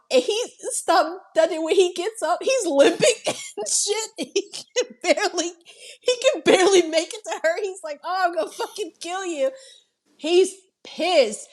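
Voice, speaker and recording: A woman co-hosting a podcast, retelling a film scene in an animated, profane way. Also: sits high. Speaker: podcast co-host. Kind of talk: casual film discussion.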